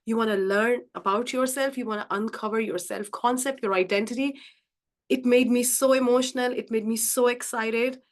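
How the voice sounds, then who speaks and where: A woman's voice: on the high side, steady tone, normal speed. Effusive woman coaching a live group. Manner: effusive and warm, repeats phrases for emphasis; addresses the audience directly as guys. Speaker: mindset coach hosting a live group session. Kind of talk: live-streamed coaching talk.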